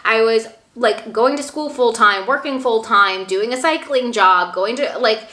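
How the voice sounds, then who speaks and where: A woman's voice: a little high, unhurried, sharp tone. A young woman talking casually and earnestly to camera about manifesting, with lots of "like" fillers. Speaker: manifestation vlogger. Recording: echoey room.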